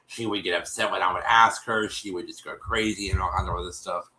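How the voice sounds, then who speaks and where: Rambling man retelling a show, bright tone. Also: low voice, steady tone, a little fast, rough recording. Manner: rambling, many restarts, addresses listeners as y'all. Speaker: show host recapping an episode. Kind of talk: casual retelling to viewers. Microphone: streaming setup microphone.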